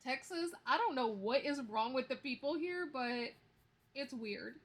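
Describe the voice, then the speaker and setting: A woman's voice: high voice, expressive, measured pace. A woman in her thirties chatting casually to camera as she counts cash, telling stories with easy laughs. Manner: chatty storyteller, counts bills aloud, laughs easily. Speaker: budgeting vlogger.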